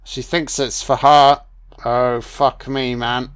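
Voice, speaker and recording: Brief: male film commentator, mid-pitched, sarcastic and foul-mouthed. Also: level tone, slow, smooth, dry recording. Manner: sarcastic, heavy swearing, irreverent. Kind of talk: casual profane movie commentary.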